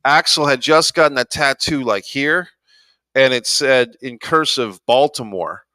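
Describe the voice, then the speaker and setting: A man's voice: mid-range voice, a little slow, pushed and bright, no echo, rough recording. A man co-hosting a podcast, rambling through stories in a laid-back, casual way with lots of fillers. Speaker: podcast co-host. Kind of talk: casual chat.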